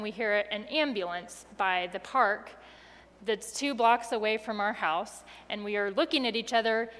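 A woman telling a personal story to an audience with expressive delivery, going soft and quiet at the tense moments. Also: mid-range voice, clean tone, long reverb tail.

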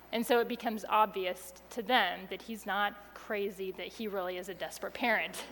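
A woman telling a personal story to an audience with expressive delivery, going soft and quiet at the tense moments. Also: fairly high pitch, normal speed, long reverb tail, a little hiss or hum.

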